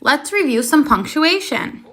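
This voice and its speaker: A woman's voice: high-pitched, big pitch swings, unhurried, fairly bright tone. A woman teaching a first grade lesson on video, who asks the children questions, waits, and then confirms the answers patiently.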